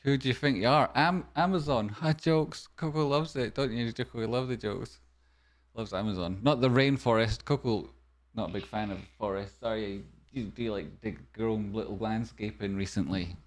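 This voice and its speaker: Guy doing a jokey stock news rundown, kinda low voice, wry asides. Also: moderate pace. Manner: wry, jokey asides, sudden softer murmurs. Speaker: stock stream host. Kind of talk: comedic market news rundown.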